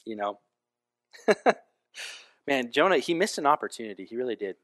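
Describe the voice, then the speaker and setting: A man preaching a sermon as pastor, in a casual, animated way with frequent asides. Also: medium pitch, moderate pace, no room sound. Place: church.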